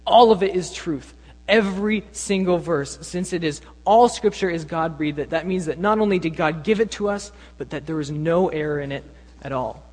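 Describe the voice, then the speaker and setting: A man's voice: a little high, darkish tone. A young man preaching a sermon, earnest and emphatic, teaching from the pulpit. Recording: long reverb in a hall.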